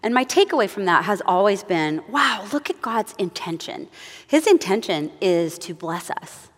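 A middle-aged woman leads a moms' group, telling family stories and acting out little moments as she goes. Her delivery is chatty and animated, and a long reverb trails each phrase, as in a large church room. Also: on the low side. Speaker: moms' group Bible study leader. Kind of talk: devotional teaching with personal stories.

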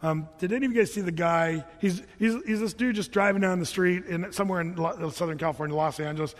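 A male pastor delivers a sermon in a relaxed, conversational manner, stumbling and restarting as he goes. His voice sits high for a man. A long reverb trails each phrase, as if recorded in a large hall. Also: fast talker. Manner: casual, chatty preaching with many restarts.

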